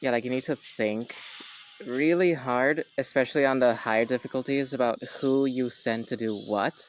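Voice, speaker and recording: Male host, mid-pitched voice, joking and offhand, casual conversation. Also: steady tone, moderate pace, a little hiss or hum, rough recording. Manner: joking, self-correcting, offhand. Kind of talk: casual chat.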